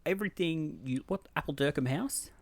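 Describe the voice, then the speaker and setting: A man's voice: on the high side, brisk, no echo. A man co-hosting a podcast, telling stories in a chatty way with lots of fillers. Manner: animated storytelling with filler words. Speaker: podcast co-host. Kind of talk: casual chat.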